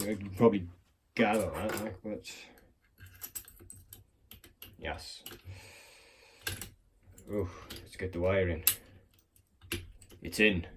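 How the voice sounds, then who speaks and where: Rambling man, fairly low voice. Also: a little mellow, slight background noise. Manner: rambling, swears, self-mocking. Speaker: lock picking hobbyist. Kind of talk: casual chat while demonstrating. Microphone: phone on a clamp.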